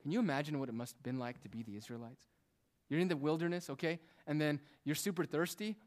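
A man's voice: fairly high pitch, fast talker. A man preaching a sermon, asking rhetorical questions and dropping in casual asides as he explains the text. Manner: emphatic, rhetorical questions, shifts between loud and hushed delivery.

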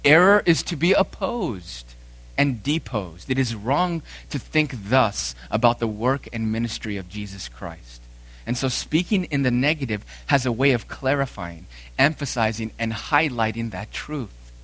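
A man preaching a sermon, emphatic, repeating lines for force, swinging from loud to hushed. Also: mid-range voice, lively intonation, measured pace. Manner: emphatic preaching with dramatic swings in loudness and repetition. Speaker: pastor.

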